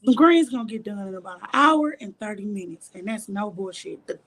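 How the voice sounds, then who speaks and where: A woman's voice: mid-range voice, fairly quick. A woman guest in an interview, telling a candid story bluntly and profanely, acting out the lines of others. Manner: animated, blunt and profane, acts out quoted dialogue. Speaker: interview guest, reality show cast member.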